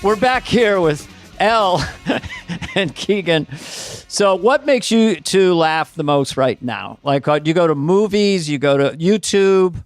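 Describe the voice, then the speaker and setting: A man's voice: sits high, animated, slow, faint music behind. A man hosting a podcast, chatting casually in a rambling, self-deprecating way. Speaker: podcast host. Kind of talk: casual chat.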